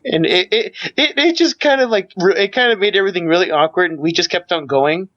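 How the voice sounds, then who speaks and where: A man telling a story in casual podcast chat, talking fast and tripping over restarts. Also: sits high, fairly bright tone. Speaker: podcast co-host. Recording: dull lo-fi mic.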